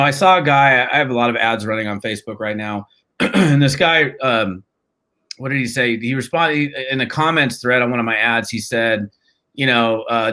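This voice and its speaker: Speaking at a medium pitch, this fifties-aged man guests on an interview and recounts stories about his network marketing training work, loose and slangy, full of energy and frequent false starts.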